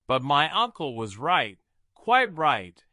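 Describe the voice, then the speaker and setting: A man reading a classic adventure novel aloud in a measured, dramatic narration. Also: a little high, sing-song, bright, forceful tone, no room sound, studio quality. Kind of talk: audiobook narration.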